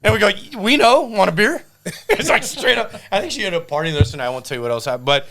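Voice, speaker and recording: A man, telling tattoo shop stories in casual chat, loud and profane when acting out quotes. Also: a little high, big pitch swings, a crowd in the background. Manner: fast, profane storyteller with loud acted-out quotes. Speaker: tattoo artist.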